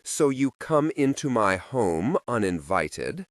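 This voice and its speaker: A deep, unhurried male vampire from a spoken story, as a man reads him. He sounds cool and quietly amused, and his tone rises and falls widely. The recording is dry and close. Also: no echo. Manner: calm, measured, faintly amused. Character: ancient, still male vampire, cool and wry.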